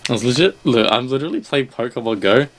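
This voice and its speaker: A man's voice: medium pitch, animated, fast talker. A young Australian man streaming a game, chatting casually with viewers in a laid-back way and swearing now and then. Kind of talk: casual gameplay chat with viewers.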